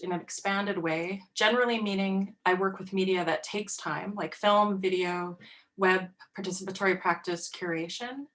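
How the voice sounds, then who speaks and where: A woman speaking as an artist in an online talk over a video call. Her pitch sits in the middle range. Her delivery is relaxed and conversational, with many fillers. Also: rough recording. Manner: casual and chatty, many fillers.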